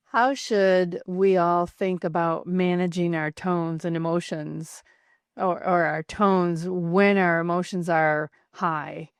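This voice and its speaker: A woman hosting a podcast interview, asking long measured questions. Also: fairly low pitch, clean tone, no room sound, clean studio sound. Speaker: podcast host.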